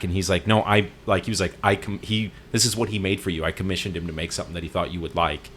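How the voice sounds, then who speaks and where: A man's voice: deep voice, steady tone, fast, few pauses, a bit bright. A man co-hosting a podcast, retelling a story in a casual, rambling way with lots of fillers and restarts. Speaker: podcast co-host.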